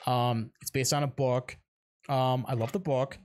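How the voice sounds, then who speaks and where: A man co-hosting a casual horror podcast, excitable, swearing freely and trailing off into fillers. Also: medium pitch, unhurried. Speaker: podcast co-host. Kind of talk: casual chat.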